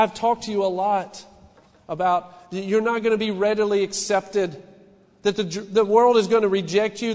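A man's voice: high voice, in a large hall. A middle-aged man, a pastor, preaching a sermon in an earnest, personal way, often restarting his sentences and rising in emphasis.

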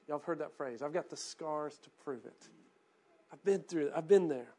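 A pastor delivers a sermon in a fairly high voice. He drops into quiet, reflective passages and then builds to emphatic, rising calls to his congregation. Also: normal speed.

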